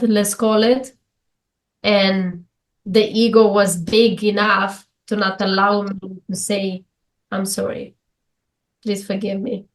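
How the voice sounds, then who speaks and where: A Romanian woman appears as a guest in an interview, speaking reflectively in English. Her medium-pitched sentences are earnest and halting, and she often restarts them.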